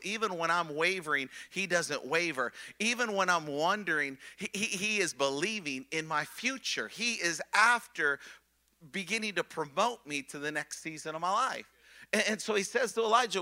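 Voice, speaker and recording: A man preaching a sermon with passion, often repeating words as he builds momentum, rising to loud excitement and dropping to a hush. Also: high voice. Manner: impassioned, swings from loud excitement to hushed softness. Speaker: pastor.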